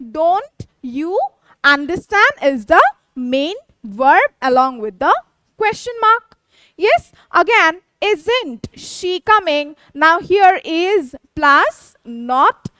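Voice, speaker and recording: A woman teacher explaining English grammar, reading out example sentences slowly and checking in with "yes" and "okay". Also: high voice, pushed and bright, dry recording. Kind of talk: classroom grammar lesson.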